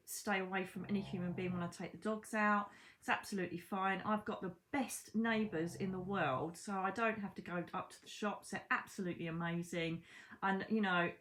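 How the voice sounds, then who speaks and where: A British woman, a psychic medium, chatting casually to camera from home, animated, with asides to the viewer and mild swearing. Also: mid-range voice, slight background noise, rough recording. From Britain. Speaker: psychic medium and channel host. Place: her own home, indoors.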